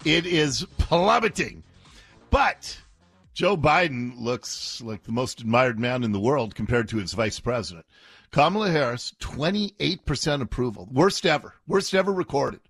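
A man's voice: mid-range voice, expressive, measured pace, fairly bright tone, slightly rough, dry recording, studio quality, soft background music. A man hosting a talk radio show, delivering an opinionated, mocking monologue and laughing often.

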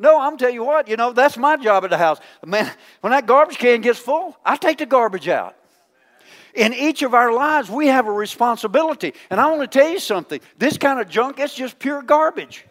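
A male pastor preaching a folksy, teasing sermon, swinging between loud calls and hushed asides. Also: extremely high pitch, lively intonation, brisk, big-room sound.

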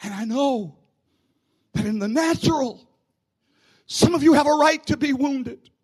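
A man preaching a sermon to his church, rising into shouts and falling to a hush. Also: very high voice, measured pace. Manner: preaching with sudden shouts and hushed drops. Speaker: pastor.

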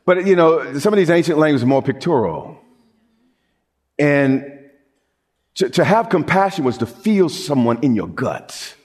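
A middle-aged man delivers a sermon as a pastor, his voice leaping through a wide, animated range. He sits slightly high for a man, stumbling over restarts before building into emphatic repeated lines. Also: a little slow, pauses often. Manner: lively preaching with repeated restarts and rising emphasis.

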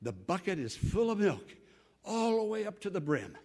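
An older man preaching a sermon in a high, bright voice. His pitch leaps and falls, and he repeats lines for effect. He moves between hushed asides and loud outbursts. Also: very animated, moderate pace. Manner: dramatic preaching with repetition and sudden swings in volume. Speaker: pastor.

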